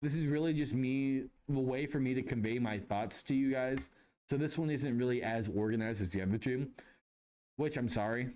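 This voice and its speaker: A man's voice: mid-range voice, normal speed, a little mellow. A young man hosting a casual solo podcast, telling stories in a rambling, self-deprecating way that keeps wandering off on tangents. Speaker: podcast host.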